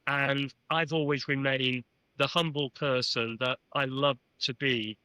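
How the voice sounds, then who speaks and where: An older man from England, a podcast guest, telling animated anecdotes and often saying "you know". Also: medium pitch, unhurried, clear, resonant tone, dry recording, low-quality recording. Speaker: podcast guest, former club chairman. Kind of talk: storytelling in an interview.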